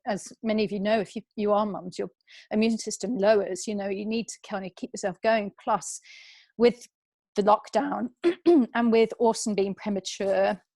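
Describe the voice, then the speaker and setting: A woman's voice: medium pitch, a little mellow, no echo. Woman sharing a story on a video call. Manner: emotional, hesitant, with restarts. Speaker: guest sharing her story.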